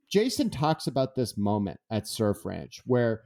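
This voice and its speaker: This guest author speaks at a measured pace in a medium-pitched voice with vocal fry. Telling stories during an interview, he gets animated and acts out the conversations.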